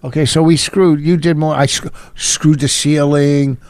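A man's voice: a little high, little pitch movement, normal speed, darkish tone, dry recording. A middle-aged man co-hosting a podcast, joking and defending himself in casual bickering chat. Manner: defensive, jokey. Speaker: podcast co-host.

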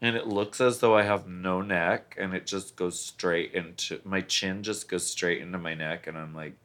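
A campy man co-hosting a podcast, with a low voice that still rings bright and forceful. He drawls his words, stops on plenty of fillers, and sounds loose and casual. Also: fairly even intonation, moderate pace. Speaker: podcast co-host. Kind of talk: casual chat.

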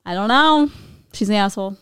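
A woman podcast co-host in casual chat, blunt and quick to jump in with agreement. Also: medium pitch, animated, fairly bright tone, clean tone, dry recording, clean studio sound.

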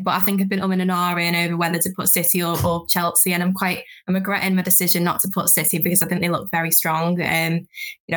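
A woman football journalist on a podcast panel, talking through her analysis quickly and thinking aloud. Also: lowish voice, a bit bright. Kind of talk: casual chat.

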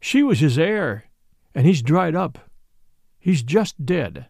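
A man doing a husky, rough army captain. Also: a little high, sing-song, slow, a little mellow, no echo, studio quality, heavily acted. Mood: grieving. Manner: rough and curt. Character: rough, grieving military captain.

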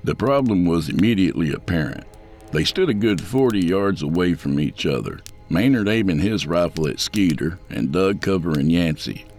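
A man narrating an audiobook thriller in an expressive storytelling manner, voicing all the characters. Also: deep voice, moderate pace, faint music behind. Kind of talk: scripted narration.

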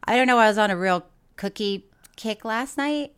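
A woman's voice: on the high side, moderate pace, fairly bright tone, clear, resonant tone. A woman co-hosting a podcast, chatting casually with playful teasing and frequent laughter. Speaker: podcast co-host. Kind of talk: casual banter.

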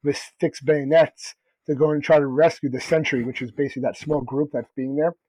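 A man's voice: on the high side, steady tone, a little fast, dark tone, no room sound. A man co-hosting a podcast in casual chat, loose and rambling with lots of "like". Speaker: podcast co-host. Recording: dull lo-fi recording.

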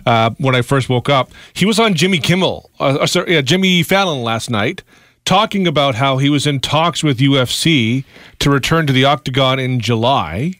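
A man's voice: mid-range voice, animated, moderate pace, a bit bright, dry recording, studio quality. A man co-hosting a radio show, talking with many uhs and stammered restarts. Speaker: radio co-host. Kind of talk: morning radio banter.

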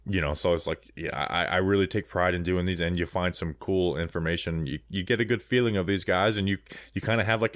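A man's voice: sits low, fairly quick, no echo, clean studio sound. A man co-hosting a casual sports podcast, joking and riffing while he reads through a list of names. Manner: jokey, riffs on names while reading a list. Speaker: podcast co-host.

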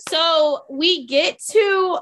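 A high-pitched woman co-host tells a story in casual chat. She is animated and puts on quick voices for the people in it. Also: a little hiss or hum. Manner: animated, acts out quotes from others. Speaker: podcast co-host.

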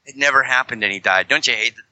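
Chatty man, very bright voice. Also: medium pitch, quick pace, no echo, lo-fi sound. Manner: rambling, joking, many self-corrections. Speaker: guest, fellow fringe Christian show host. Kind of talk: casual podcast chat.

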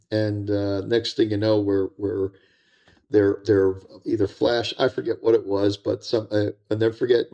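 An older American man, a retired drug agent, telling animated war stories as a podcast guest, repeating words and acting out quotes. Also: lowish voice, creaky.

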